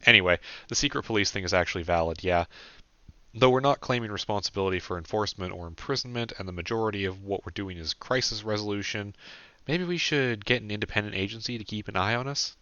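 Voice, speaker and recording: A man's voice: on the low side, fast, sharp tone, no echo, highs cut off. A man voicing an earnest young man who sounds wry and mildly worried. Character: young man, thoughtful, mildly fretful boyfriend.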